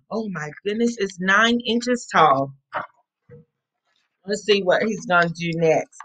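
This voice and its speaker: Teacher lady reading to little kids, slow and bright, keeps saying good job and sounding out letters. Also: medium pitch. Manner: encouraging, drawn-out letter sounds, sing-song prompts. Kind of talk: read-aloud phonics lesson for young children.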